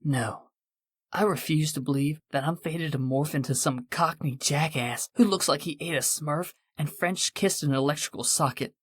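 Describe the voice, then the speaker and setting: A man's voice: on the high side, normal speed, fairly bright tone, slightly rough, no room sound, clean studio sound. A man voicing an irritated, defensive man in an audiobook. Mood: annoyed.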